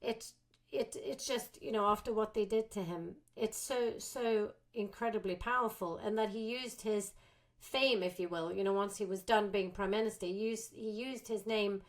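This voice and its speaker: A woman's voice: mid-range voice, moderate pace. A woman being interviewed as a guest, telling a story with animation and acting out quotes. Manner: animated, acts out quotes of herself and others.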